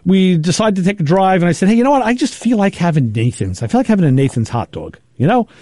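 A man hosting a show, telling rambling, animated stories in casual chat and acting out what people said. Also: high voice, fast talker, no room sound. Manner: rambling, animated anecdotes with acted-out quotes. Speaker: show host.

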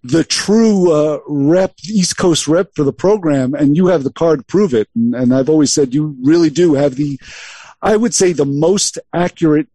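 A man hosting a casual chat, stammering and halting as he frames his questions. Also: fairly high pitch, mellow, no echo.

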